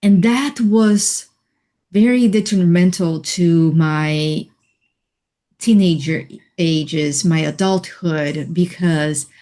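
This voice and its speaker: A woman guest on a radio interview, telling a personal story in a soft, reflective way with light laughs. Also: fairly low pitch. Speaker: interview guest, healing coach.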